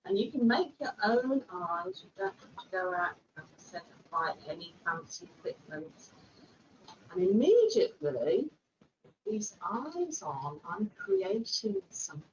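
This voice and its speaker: A woman working in early years education, giving a gentle, animated craft demonstration. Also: a little high, a little slow, gravelly, lo-fi sound, a little hiss or hum. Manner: gentle, animated, with playful voices. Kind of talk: instructional demonstration.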